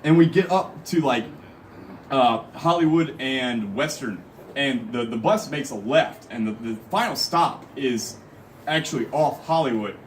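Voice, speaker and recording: A man's voice: medium pitch, lively intonation, a little slow, a little hiss or hum. A young man telling a comic story live on stage, rambling and packing in "like" and "literally.". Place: live show venue. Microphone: phone camera from the audience. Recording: phone recording from far off.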